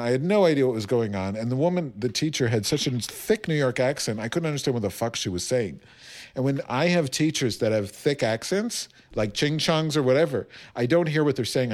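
A man in his fifties spins a funny anecdote in a middle-pitched voice that swings up and down. He sounds exasperated and wisecracking, like he's telling it to friends. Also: expressive, brisk, darkish tone. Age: 50s. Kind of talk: casual comic storytelling.

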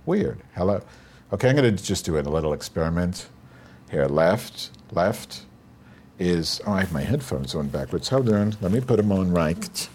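Deep-voiced crude rambling man. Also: expressive, normal speed, a little mellow, slight background noise. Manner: crude, profane, self-talking. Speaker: show host. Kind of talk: rambling live show chat. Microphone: lavalier and stand mic.

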